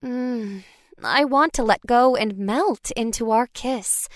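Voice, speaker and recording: A woman tells a first-person story in scripted audiobook narration with a higher, light voice. Her delivery is expressive and wry. The recording is dry and close, with no room around her. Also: measured pace, no echo.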